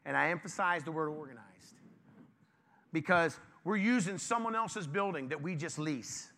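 Male pastor, high bright voice, chatty sermon, playful with the room. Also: normal speed. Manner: lively, conversational, joking with the congregation. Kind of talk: informal sermon to a congregation.

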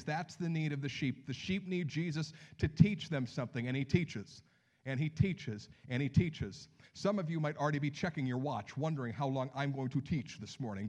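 A man preaching a sermon as pastor, telling the story with lively acted-out voices and dropping to hushed near-whispers for emphasis. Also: on the high side.

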